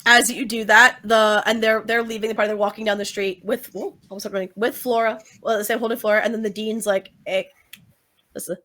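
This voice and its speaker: A woman narrates a tabletop game as game master, loose and chatty with plenty of "like" and "um". Her voice sits somewhat high. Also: level tone, fast, few pauses, sharp tone. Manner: chatty, filler-heavy, laughs easily.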